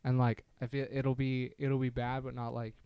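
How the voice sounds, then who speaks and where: A man's voice: medium pitch, flat delivery, moderate pace, clear, resonant tone, no room sound, highs cut off. A teenage boy rambling in casual chat with friends, full of fillers. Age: teens. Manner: rambling, filler-heavy, laughs often. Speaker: podcast co-host.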